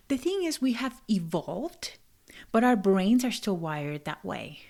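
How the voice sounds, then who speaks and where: Woman, non-native English accent, podcast host, casual monologue, expressive, whispers for emphasis, mid-pitched voice. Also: normal speed. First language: not English. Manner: animated, laughing, dropping to a whisper for emphasis. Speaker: podcast host and life coach.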